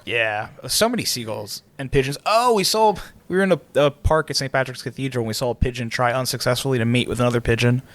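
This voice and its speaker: A man co-hosting a podcast, telling travel stories in a casual, animated way and laughing as he acts out quotes. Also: medium pitch, quick pace, hardly any pauses. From Pennsylvania, United States. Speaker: podcast co-host. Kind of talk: casual storytelling chat.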